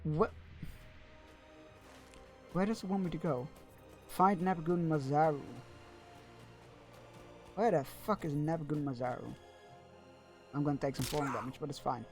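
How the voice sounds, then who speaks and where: Guy streaming a game, rambly, trips over his words a lot, bit high pitched, music in the back. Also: measured pace, pauses often, darkish tone. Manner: rambling, stumbling restarts, chatting with viewers. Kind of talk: casual gameplay commentary.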